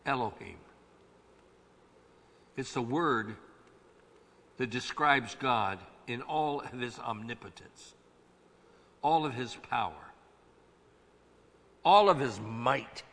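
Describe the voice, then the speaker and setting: A man preaching a sermon, swinging from hushed, low phrases to loud shouted ones and drawing key words out slowly. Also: creaky, husky. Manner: slow, drawn-out emphasis on key words. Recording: long reverb of a large hall.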